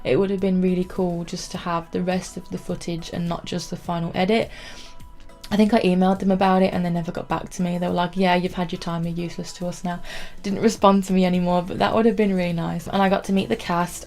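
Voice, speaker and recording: A woman's voice: fairly low pitch, little pitch movement, fairly quick, darkish tone, faint music behind. A young woman chatting to camera in a rambling storytelling way, saying "like" often. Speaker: vlogger.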